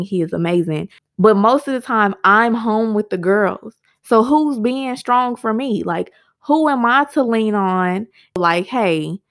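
A young adult woman hosting her own podcast, talking candidly and venting straight to her listeners in casual chat. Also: mid-range voice. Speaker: podcast host. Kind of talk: casual solo podcast talk.

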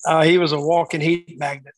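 A man reminiscing casually about his years booking shows, telling lively anecdotes and acting out the quotes. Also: fairly high pitch, brisk, rough recording. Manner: animated storyteller acting out quotes. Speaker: wrestling booker telling stories.

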